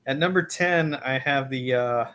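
A man's voice: mid-range voice, unhurried, a bit bright, smooth. A man co-hosting a horror podcast in casual comedic chat, dry and teasing, slipping into silly voices. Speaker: podcast co-host.

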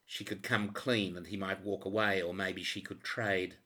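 A man narrating a crime novel audiobook in a steady, even reading voice. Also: low-pitched, moderate pace.

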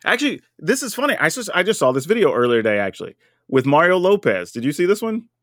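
A man co-hosting a podcast in casual chat, thinking aloud in an animated way. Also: a little high, fast talker, no room sound, clean studio sound. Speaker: podcast co-host.

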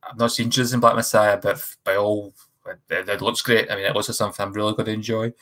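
A man's voice: fairly low pitch, level tone, fast, fairly bright tone. Chatty man with frank film opinions. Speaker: film podcast co-host. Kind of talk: casual film discussion.

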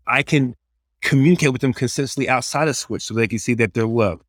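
A man's voice: medium pitch, quick pace, no echo, studio quality. A man in casual conversation, giving earnest, practical advice on leading a small group and acting out quoted prayers and kids. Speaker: youth ministry leader.

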